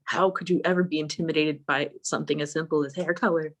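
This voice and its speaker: A woman's voice: sits low, quick pace. A young woman on an online voice call, telling a story in casual chat, swearing often and acting out what she said at the time. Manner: animated, swears often, acts out her own past lines. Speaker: guest.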